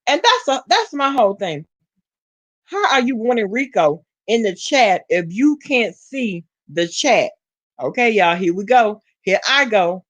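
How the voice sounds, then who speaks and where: Southern woman vlogger, sassy live-chat gossip, laughs a lot, mid-pitched. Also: very animated, measured pace. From Alabama. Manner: sassy, talks straight to chat, laughs often. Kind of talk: casual live-stream gossip.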